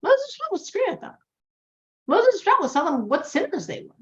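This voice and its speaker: A woman teaching a religious class to a group, animated, moving between loud emphatic lines and hushed ones. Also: very high voice, a little fast. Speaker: Torah teacher. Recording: dull, lo-fi recording.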